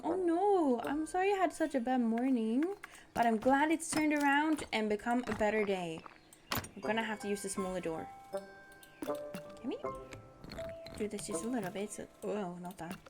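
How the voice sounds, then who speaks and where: A woman's voice: on the high side, moderate pace. A young woman streaming a building game, chatting casually and narrating what she does with bubbly giggles. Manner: bubbly, giggly, narrates her own actions aloud. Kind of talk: casual gameplay chat. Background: background music.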